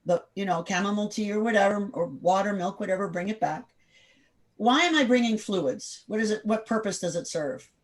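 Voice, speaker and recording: A woman leading an interactive online class over a video call, direct and firm, quizzing the group with quick questions. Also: medium pitch. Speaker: workshop instructor.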